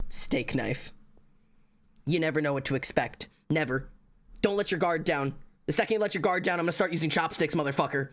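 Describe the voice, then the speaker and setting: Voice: mid-range voice, brisk, fairly bright tone. A tired streamer, chatting casually on a live stream, rambling, joking and swearing a lot. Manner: profane, rambling, jokey.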